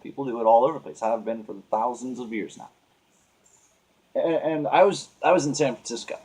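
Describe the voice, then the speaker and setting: An earnest man talking through his frustrations in an unscripted monologue. He rambles, trips over his words and restarts sentences. His pitch sits in an ordinary middle range. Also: a little mellow. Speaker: vlogger. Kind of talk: casual venting monologue.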